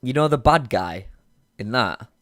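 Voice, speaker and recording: A man's voice: medium pitch, animated, a little slow, fairly bright tone, no room sound, faint music behind. Drunk young guy co-hosting a podcast, rambling and swearing, dry close sound. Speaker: podcast co-host. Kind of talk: casual chat.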